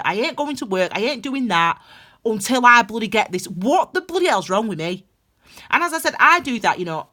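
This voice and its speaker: A woman's voice: mid-range voice, pushed and bright. Woman, tarot reader; emphatic, rambling delivery, mid-range voice. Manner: rambling and emphatic, many restarts. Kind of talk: casual tarot reading.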